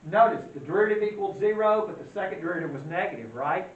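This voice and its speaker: A man with a high voice teaches a math class in a folksy manner, tossing questions at the room and answering them himself. He sounds far from the mic in an echoing classroom. The recording is dull and lo-fi, with a faint hiss underneath. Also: animated, fast. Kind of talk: classroom lecture.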